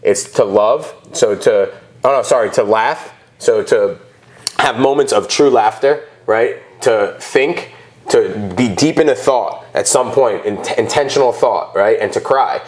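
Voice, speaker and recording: A man's voice: medium pitch, unhurried. A man hosting a podcast, chatting casually and telling a story in a rambling way with frequent restarts. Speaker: podcast host, gym owner.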